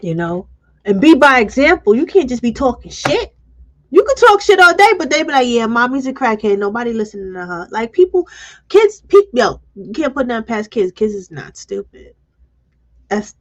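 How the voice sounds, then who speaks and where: A woman's voice: on the high side, expressive, unhurried, long pauses. A woman hosting a live stream, talking bluntly and emotionally and reading viewer comments aloud. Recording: dull lo-fi stream audio.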